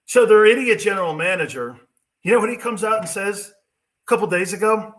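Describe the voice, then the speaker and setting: A man's voice: high-pitched, very animated, normal speed, fairly bright tone. A middle-aged man hosting a sports talk show, brash and mocking as he rants about quarterbacks. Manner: brash, mocking, puts on whiny impressions. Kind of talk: opinionated sports talk monologue.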